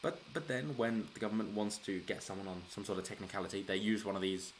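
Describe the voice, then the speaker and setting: A man's voice: on the low side, fairly even intonation, quick pace, slight background noise. A man hosting a casual solo political commentary, rambling with restarts and chuckling as he talks. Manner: rambling, frequent restarts, chuckles while talking. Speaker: political commentary channel host.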